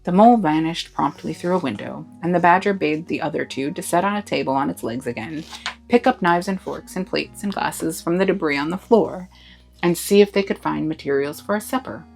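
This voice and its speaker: A woman reading a classic novel aloud with expressive narration. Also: lowish voice, brisk, gravelly, soft background music, poor audio. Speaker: storybook reader.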